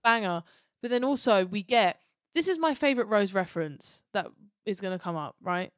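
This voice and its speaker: A woman's voice: medium pitch, lively intonation, moderate pace, no room sound, studio quality. A young woman co-hosting a podcast, gushing with enthusiasm in casual chat. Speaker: podcast co-host.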